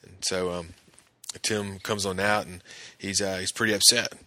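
A man with a low, level, sharp-toned voice speaks at normal speed with no echo. As a podcast host, he casually recaps a TV episode scene by scene in a conversational way, full of fillers and restarts.

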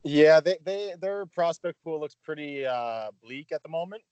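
A man giving his draft pick as a podcast guest, steady and explanatory. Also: on the high side, moderate pace, smooth, no room sound, dull audio. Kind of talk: casual podcast chat.

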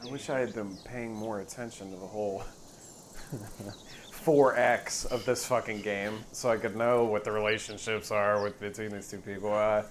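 A man's voice: lowish voice, flat delivery, moderate pace, a little hiss or hum. A man playing a tabletop game, offhand and casual, swearing freely. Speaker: player.

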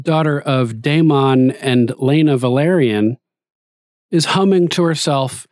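A man's voice: mid-range voice, a little mellow, no echo, studio quality. A man casually recapping a TV episode, laughing often and acting out the characters' lines in playful paraphrase. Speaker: show recapper.

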